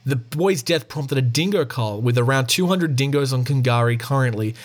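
A man's voice: medium pitch, normal speed. Aussie guy doing his podcast, reads out news bits, chats in between. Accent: Australian. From Australia. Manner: chatty, reads news aloud with asides. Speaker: podcast host. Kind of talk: casual podcast news reading.

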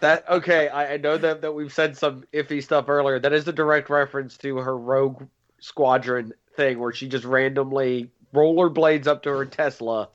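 A man's voice: medium pitch, fairly even intonation, moderate pace, lo-fi sound. A man chatting casually about a film with wry, dry humor. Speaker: podcast co-host. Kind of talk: casual film review chat.

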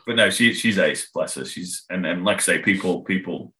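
A man's voice: low-pitched, lively intonation, normal speed, noisy background. A man chatting as a podcast guest, rambling and self-interrupting, laughing often. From England. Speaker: podcast guest, band member. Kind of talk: casual chat.

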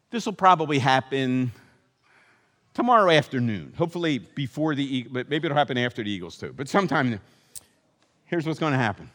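A man preaching a sermon as pastor, animated and acting out the voices of hopeful and disappointed people. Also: on the high side, fairly quick. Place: church sanctuary. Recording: long hall reverb.

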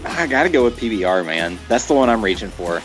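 Animated man chatting on a podcast. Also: on the low side, fast, faint music behind, low-quality recording. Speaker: co-host. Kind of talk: casual podcast chat.

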